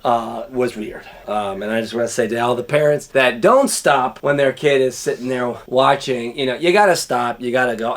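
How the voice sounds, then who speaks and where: A man speaks straight to the camera in a loose, rambling storytelling style, candid and unpolished, with plenty of swearing. His voice sits at an everyday middle pitch. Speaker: vlogger. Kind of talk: casual personal storytelling.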